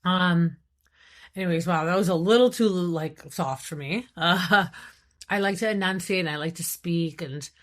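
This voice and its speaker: A woman with a thick, raspy voice, hosting a podcast and giving animated, casual commentary on a reality TV show. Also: fairly low pitch. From Iran. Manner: animated, enunciating, quick asides and acted-out quotes. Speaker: podcast host.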